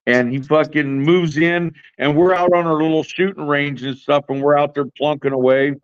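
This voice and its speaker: A man with a fairly high voice tells a brash, swearing story, laughing often and playing out both sides of a quarrel. The sound is dry and a little dull. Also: steady tone, moderate pace, smooth, no room sound. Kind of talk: casual storytelling chat. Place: home, in Oregon.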